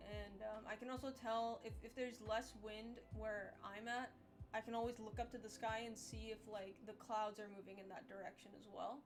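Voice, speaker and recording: Young woman streamer, tired and low-key, slightly high voice, candid rambling chat over faint music. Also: steady tone, moderate pace. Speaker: art streamer. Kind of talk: casual live-stream chat.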